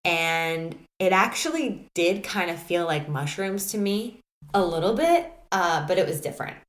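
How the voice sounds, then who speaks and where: A woman hosting a solo podcast, telling a personal story in a candid, animated way, full of "like" and restarts. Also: lowish voice, unhurried, echoey room. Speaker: podcast host.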